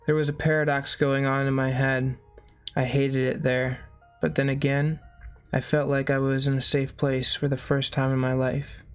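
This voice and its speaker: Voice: medium pitch, level tone, moderate pace, clean tone, soft background music. A reader reading a memoir aloud in a plain way, breaking off now and then for short spoken asides.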